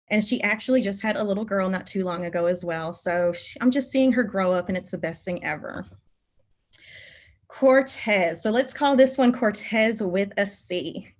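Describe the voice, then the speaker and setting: A middle-aged woman, a teacher giving a conference keynote, telling personal stories about her students in an animated, emotional way. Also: mid-range voice. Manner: animated, emotional storytelling, voice rising when moved.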